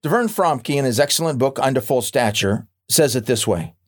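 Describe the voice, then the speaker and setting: A man narrating a nonfiction audiobook in a wry, gently humorous and measured way. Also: mid-range voice, lively intonation.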